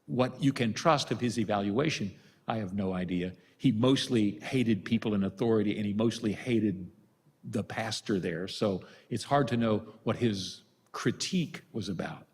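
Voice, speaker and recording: A man's voice: lowish voice, moderate pace, husky. An older man, a priest from the United States, giving a retreat talk with storytelling and self-deprecating humor. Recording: long reverb of a large hall.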